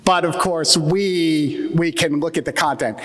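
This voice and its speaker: Speaking unhurriedly in a fairly high voice, this keynote speaker is an American man with an Atlantic Midland accent. His conference talk leans on dry, self-deprecating jokes, and long reverb fills the hall.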